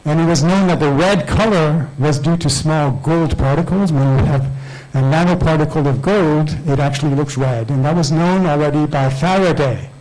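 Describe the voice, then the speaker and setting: A man's voice: on the high side, moderate pace, darkish tone, low-quality recording. A man in his sixties giving a public science lecture, explaining step by step and telling stories with small restarts. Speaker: guest lecturer.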